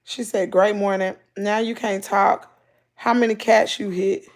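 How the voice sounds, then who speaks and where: Her voice is mid-range and her pace measured as this Southern-accented livestream host from Mississippi reads out comments. She fills her casual stream with animated stories, country slang, and big bursts of laughter.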